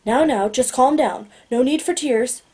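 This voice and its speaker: A woman's voice: sits high, lively intonation, moderate pace. A woman reading an audiobook, voicing two baffled male night guards who call out in alarm. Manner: gruff, alarmed, loud calls. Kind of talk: audiobook character voice.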